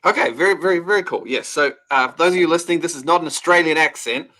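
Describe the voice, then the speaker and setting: A man's voice: fairly high pitch, fast talker, pushed and bright. Upbeat New Zealand man telling stories. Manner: upbeat, joking, storytelling. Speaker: guest. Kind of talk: casual interview chat.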